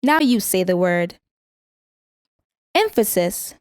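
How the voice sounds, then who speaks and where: Woman, mid pitch, lesson narrator with careful pronunciation, dry studio sound. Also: animated, clean tone, no echo. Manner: slow, careful word-by-word pronunciation. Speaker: vocabulary teacher. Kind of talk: scripted vocabulary lesson reading.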